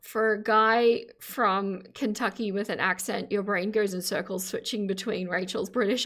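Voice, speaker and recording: A woman's voice: mid-range voice, animated, moderate pace, few pauses. A woman with an Australian accent hosting a reaction stream in casual, chatty talk, laughing often. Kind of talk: casual chat.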